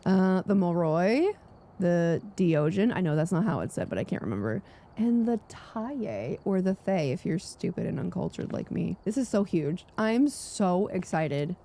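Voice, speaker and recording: A young woman streaming a game, gushing with breathless excitement, gasping and squealing as she tours new menus. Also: fairly low pitch, a little slow. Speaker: gaming streamer. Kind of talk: excited gameplay commentary.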